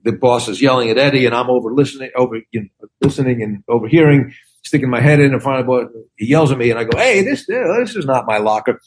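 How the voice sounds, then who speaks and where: An older man in his sixties chats loosely on a podcast as a guest, spinning anecdotes. He acts out quoted lines and leaps up high in pitch for the punchlines. His voice stays at an ordinary middle pitch the rest of the time. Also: quick pace. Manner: animated storyteller who acts out quotes with big pitch jumps. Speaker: guest comedian and actor. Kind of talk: casual podcast storytelling.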